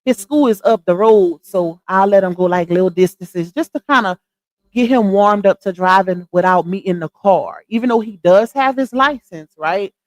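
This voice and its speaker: A middle-aged woman, chatting casually with viewers on a live stream and giving her opinions in an animated, talkative way. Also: medium pitch, moderate pace, dry recording, poor audio. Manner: chatty, animated, addresses viewers as y'all and child. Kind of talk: casual chat commentary.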